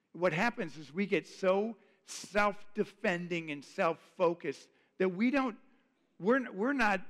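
A man's voice: sits high, fairly bright tone. A man preaching a sermon as pastor, earnest and conversational, often repeating phrases. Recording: long hall reverb.

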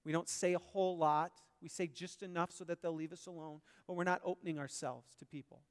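A male pastor preaching a sermon, animated, swinging between loud emphasis and quiet asides. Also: fairly high pitch, brisk, smooth, long reverb tail.

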